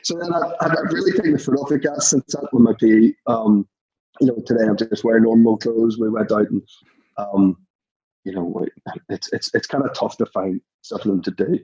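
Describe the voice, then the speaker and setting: A man's voice: on the low side, fairly quick, mellow, slightly rough, dull audio. A Northern Irish man in his thirties, a podcast guest telling chuckling anecdotes in casual chat. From Northern Ireland.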